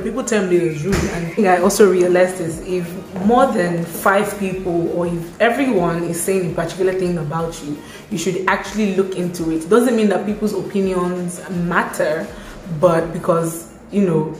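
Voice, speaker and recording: Expressive Nigerian woman vlogging. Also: lowish voice. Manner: expressive storytelling with Yoruba asides. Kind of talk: casual chatty vlog. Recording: echoey room with faint music.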